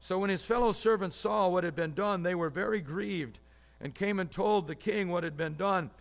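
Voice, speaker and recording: A man with a notably high voice delivers a sermon from the pulpit. He reads scripture with strong emphasis and often doubles up his words as he preaches. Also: moderate pace, vocal fry. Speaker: pastor.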